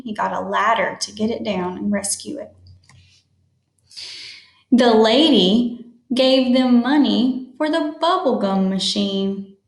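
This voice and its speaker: A woman reading a picture book aloud to children, slowly explaining new words as she goes. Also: medium pitch, roomy sound. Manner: slow, explains words to young listeners. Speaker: storytime reader.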